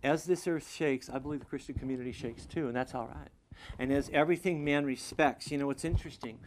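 A man preaching to a congregation, shifting between quiet, intimate stretches and loud, fervent passages, closing in prayer. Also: mid-range voice, quick pace, slight background noise. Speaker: pastor. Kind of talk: sermon.

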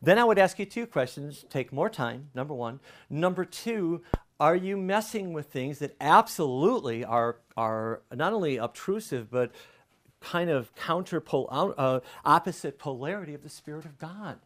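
A middle-aged male pastor giving an earnest, conversational sermon, swinging between loud bursts and hushed asides. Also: fairly high pitch, lively intonation, moderate pace.

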